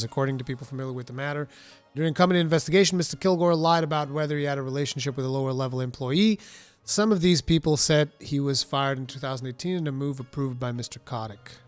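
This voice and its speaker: A man's voice: medium pitch, no echo. A man reading a news article aloud and breaking off into sarcastic, exasperated commentary. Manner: sarcastic, exasperated asides between read passages. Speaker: commentary streamer.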